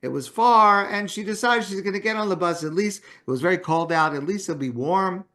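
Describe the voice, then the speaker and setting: A man with a fairly high voice gives a morning talk as a rabbi. He speaks in a relaxed, conversational way, telling a story and acting out the voices in it. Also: a little fast. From Canada.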